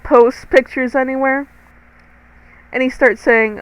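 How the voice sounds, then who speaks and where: A woman's voice: high voice, slow, low-quality recording. A teenage girl narrating a storytime to viewers, chatty and dramatic, swearing freely and talking straight to the audience. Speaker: storytime vlogger.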